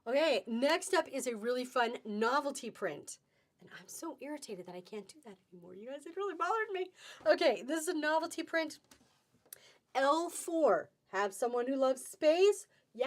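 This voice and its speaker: A woman's voice: sits high, very animated, normal speed. A middle-aged woman hosting a live fabric sale on webcam, chatty and upbeat with sing-song exclamations. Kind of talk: live-stream selling chat.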